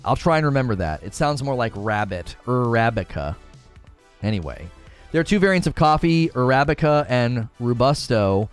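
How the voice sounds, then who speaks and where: A man's voice: medium pitch, smooth. A man live-streaming, chatting casually and reading viewer comments as he rambles with frequent restarts. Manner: rambling, reads chat aloud, many restarts.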